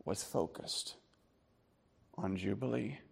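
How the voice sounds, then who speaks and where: A man preaching a sermon as a pastor, telling a personal story with strong emotion, dropping to hushed tones and rising to loud outbursts. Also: on the low side, slow pace, vocal fry, husky.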